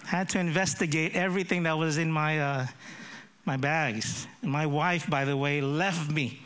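A man's voice: a little high, fairly even intonation, normal speed, a bit bright. A man in his fifties with a Filipino accent shaped by growing up in America, an associate pastor leading prayer and telling jokes about himself from the pulpit. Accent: Filipino with American influence. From Philippines. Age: 50s. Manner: self-deprecating jokes, repeats words when starting. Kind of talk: sermon with prayer and humorous introduction.

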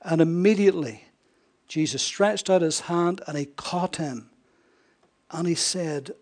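A man preaching a sermon, swinging between raised emphasis and hushed near-whispers, often asking his listeners rhetorical questions. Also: a little high, a little slow. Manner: frequent rhetorical questions to the congregation.

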